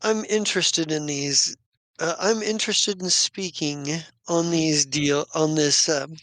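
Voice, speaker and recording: A man voicing a cool, businesslike woman who brokers mercenary contracts, speaking slowly and confidently. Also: fairly high pitch, fairly even intonation, a bit bright, dry recording.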